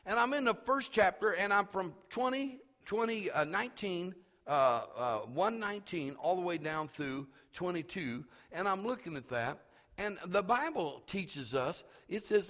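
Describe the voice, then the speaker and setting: Male pastor, fervent sermon, high lively voice, long hall reverb. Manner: fervent, repetitive preaching with many restarts; swings between hushed and shouted.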